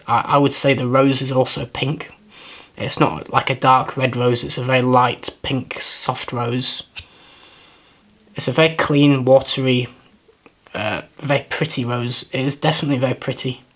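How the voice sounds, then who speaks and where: A man's voice: mid-range voice, fairly bright tone. A man giving a casual, first-impressions review of perfumes, talking in a thoughtful, hesitant way, often repeating words as he searches for them and apologizing for himself. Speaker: fragrance reviewer.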